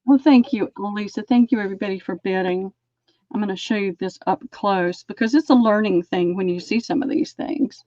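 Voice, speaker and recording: A woman hosting a live-stream sale, chatting and describing lace items slowly. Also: mid-range voice, fairly even intonation, darkish tone, no echo, lo-fi sound.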